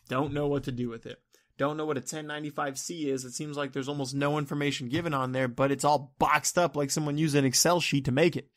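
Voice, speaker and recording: A man's voice: a little high, a bit bright. Exasperated rambling man, ranting vlog. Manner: exasperated, rambling, swears often. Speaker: vlogger.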